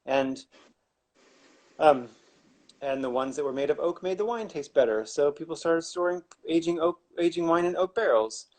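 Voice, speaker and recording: A man's voice: a little high, expressive, normal speed, darkish tone. A man, a winemaker, explaining wine making in a casual, rambling way with wry asides and many restarts.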